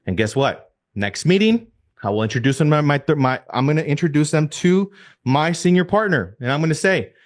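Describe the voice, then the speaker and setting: A real estate team leader gives an energetic coaching talk over a video call, repeating key points and firing rhetorical questions at his listeners. His voice is on the high side and a little fast.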